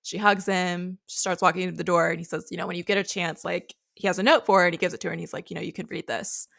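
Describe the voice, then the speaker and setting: A woman's voice: lowish voice, fast, creaky. A woman co-hosting a podcast, recapping a reality show in casual, chatty storytelling. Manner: chatty, animated storytelling with acted quotes. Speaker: podcast co-host.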